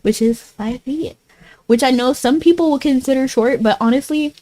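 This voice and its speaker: Woman game streamer, casual and giggly, talking to chat; voice sits a bit high. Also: normal speed, dark tone, poor audio. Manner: giggly, chatty, answering chat. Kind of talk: casual live-stream chat while gaming.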